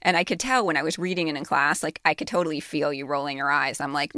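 A woman co-hosts a writing podcast with a low, gravelly voice, making her case earnestly with a playful, teasing edge. The sound is dry and close, with no room around it. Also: quick pace, hardly any pauses, fairly bright tone, dry recording. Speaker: podcast co-host and writing teacher. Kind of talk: casual chat. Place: university recording studio.

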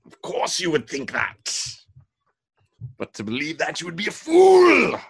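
A man's voice: fairly high pitch, huge pitch swings, unhurried, gravelly, slightly rough, voice pushed up, exaggerated voice. A man doing a pompous drama-queen captain. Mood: ominous. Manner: theatrical, hushed and ominous.

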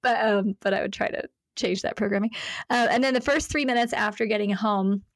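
A woman's voice: medium pitch, a little fast, no echo. Woman in her 40s chatting on a podcast, tells stories, laughs a lot, does little voices for quotes, dry close sound. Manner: warm storytelling, laughs often, acts out quotes. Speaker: podcast guest, author. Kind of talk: casual chat.

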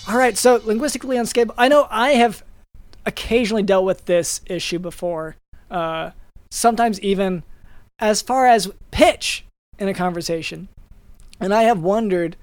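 A woman's voice: medium pitch, moderate pace, no echo. A woman hosting a comedy podcast, often hesitating and restarting her sentences. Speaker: podcast host.

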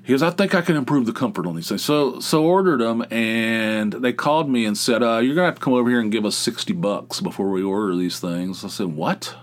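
A man's voice: medium pitch, lively intonation, brisk, hardly any pauses. A middle-aged man hosting a casual solo podcast, rambling and cursing freely, losing his train of thought and circling back. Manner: rambling, profane, easily sidetracked. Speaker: podcast host.

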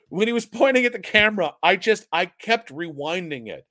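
A fairly high-voiced man co-hosts a sports podcast, chatting casually in a rambling, self-mocking way that often tips into giggling. The sound is dry and close, with almost no room around him. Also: big pitch swings, moderate pace, bright, forceful tone, no room sound. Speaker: podcast co-host.

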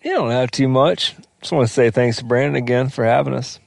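A man's voice: medium pitch, brisk, gravelly, dry recording, clean studio sound. Easygoing, jokey man on a podcast. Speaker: podcast crew member. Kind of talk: casual chat.

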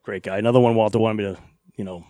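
A man's voice: lowish voice, fairly even intonation, very fast, dark tone, no echo. A middle-aged man, a former wrestler, rambling through anecdotes in a casual interview with frequent laughs and swearing.

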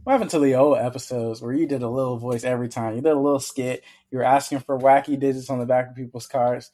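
A man's voice: mid-range voice, steady tone, fast talker, warm tone. Upbeat rambling male podcast host. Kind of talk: casual chat.

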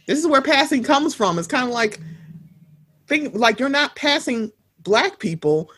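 A woman co-hosting a casual chat show, talking bluntly with plenty of swearing and animated storytelling. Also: high-pitched, unhurried, breathy edge. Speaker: podcast co-host.

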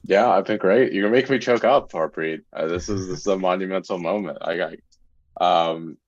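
A man chatting as a guest on a group call, talking in halting, warm phrases. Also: low-pitched. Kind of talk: casual chat. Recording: dull lo-fi audio.

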